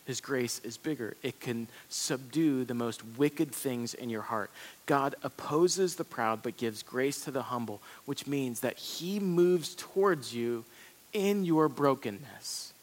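Male pastor preaching in a reverberant hall. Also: medium pitch. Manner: conversational, animated preaching with quick asides. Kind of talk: sermon.

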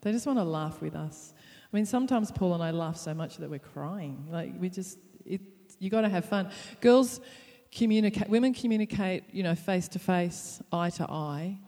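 A woman's voice: fairly low pitch, animated, normal speed, hardly any pauses, dark tone, big-room sound. A woman preaching to wives in a playful, upbeat way, with laughs along the way. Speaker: pastor's wife. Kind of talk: sermon on marriage.

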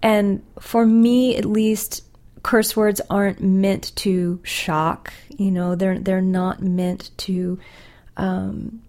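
A woman poet talking about her work and reading her own poem in a slow, deliberate, soft voice with whispery passages. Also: medium pitch, flat delivery, faint music behind.

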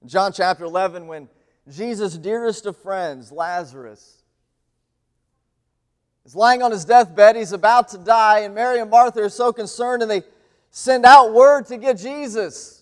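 A man giving a sermon as a guest speaker, swinging between loud pleading and hushed, near-whispered lines. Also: sits high, steady tone, unhurried, clear, resonant tone. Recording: long hall reverb.

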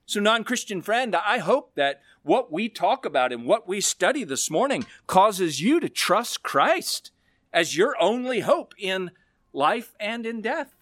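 A male pastor preaching a sermon, expressive, with slow, emphatic stresses on key words. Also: sits high, no room sound, clean studio sound.

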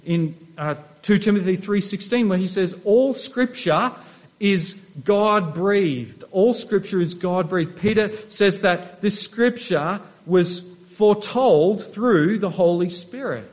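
A man with a high-pitched voice preaches a sermon to his congregation. He is a middle-aged pastor who keeps asking his listeners questions as he teaches from scripture. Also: measured pace, hardly any pauses, darkish tone. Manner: asks the congregation rhetorical questions.

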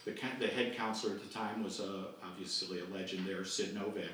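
Pitched low and moving a little fast, this sixty-something man's voice carries a childhood camp story he tells as a podcast guest, performing each character's voice with animation. It's a storytelling interview recorded remotely, sounding distant and echoey with faint noise.

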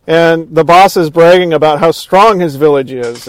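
A man's voice: a little high, moderate pace, hardly any pauses, smooth, no room sound. A man chatting casually about a film he loves, eagerly retelling scenes, with many restarts. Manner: enthusiastic retelling, acts out quoted lines; frequent restarts and fillers.

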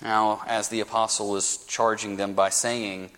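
A man preaching a sermon as pastor, with a lively storytelling manner and folksy asides. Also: on the low side, unhurried, few pauses. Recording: preached in a reverberant hall.

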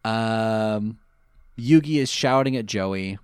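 A male podcast co-host casually recapping an episode, jokey and animated, with quick asides. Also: lowish voice, clean tone, no echo, clean studio sound.

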